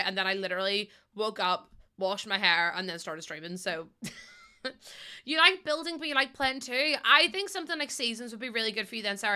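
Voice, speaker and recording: Fast-talking woman, bright voice. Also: medium pitch. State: under the weather, a bit run down. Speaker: streamer. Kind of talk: casual live-stream chat while playing a game.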